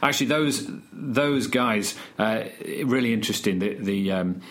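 A man's voice: fairly low pitch, measured pace. A man, a student church leader chatting on a podcast, telling stories with energy and frequent restarts. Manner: storytelling, animated, many restarts. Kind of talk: casual podcast conversation.

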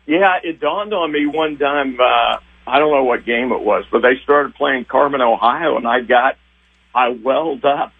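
An older man, a retiring TV sports director, reminiscing with emotion in a rambling, halting way. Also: medium pitch, vocal fry, husky. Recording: tinny phone line.

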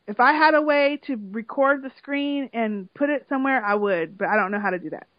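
A woman with a high, bright-pitched voice tells a story in casual chat, swearing and getting worked up as she goes. The sound is dry and close, with a dull lo-fi tone. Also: fairly quick, dry recording. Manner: animated, emotional storytelling with swearing. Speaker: podcast co-host recapping a reality show.

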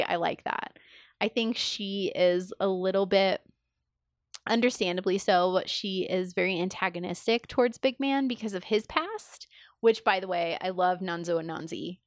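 A woman's voice: mid-range voice, normal speed, no echo, clean studio sound. A woman in casual podcast chat, talking enthusiastically with lots of fillers and acting out quoted lines. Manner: enthusiastic, filler-heavy, acts out quoted dialogue.

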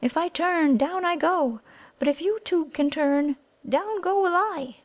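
A woman voicing a gentle male monkey brother who speaks softly. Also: very high voice, measured pace, muffled recording, pitched above the performer's own voice. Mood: soft, resigned. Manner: soft-spoken.

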